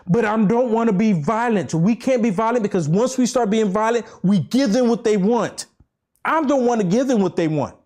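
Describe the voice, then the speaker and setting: Fervent high-voiced man ranting to camera. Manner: repetitive, rambling, with urgent rhetorical questions; swings from fervent near-shouting to low, slow preaching. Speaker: political vlogger. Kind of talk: impassioned political rant to camera.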